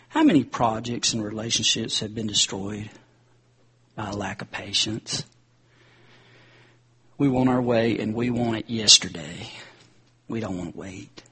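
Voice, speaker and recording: Husky-voiced man preaching casually. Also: mid-range voice, unhurried, pauses often, fairly bright tone. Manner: conversational, addresses the crowd as guys. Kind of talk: sermon.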